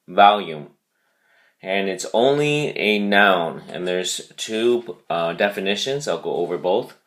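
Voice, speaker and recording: Slow, low-voiced male teacher. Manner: slow, deliberate, repeats key words. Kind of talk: vocabulary lesson video.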